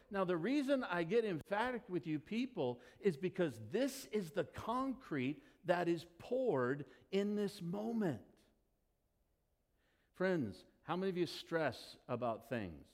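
A male pastor preaching a sermon, emphatic, dropping to quiet asides and building to rising declarations. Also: sits high, big pitch swings, slow. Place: church sanctuary. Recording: long hall reverb.

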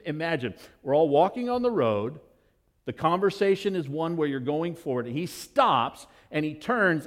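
A man preaching a sermon as pastor, telling the story in an animated, expressive way. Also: on the high side.

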